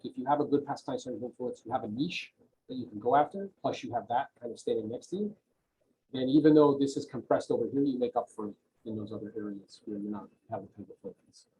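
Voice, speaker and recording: A man's voice: medium pitch, mellow, poor audio. A man giving an emphatic, motivational coaching talk on a video call, often checking in with "right?". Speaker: real estate coach, guest on a video call.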